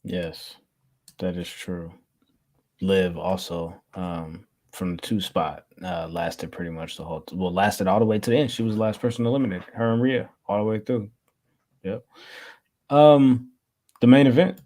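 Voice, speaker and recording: A man hosting a casual podcast, calmly leading the rundown and asking the others what they think. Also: low-pitched, normal speed. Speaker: podcast host. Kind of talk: casual chat.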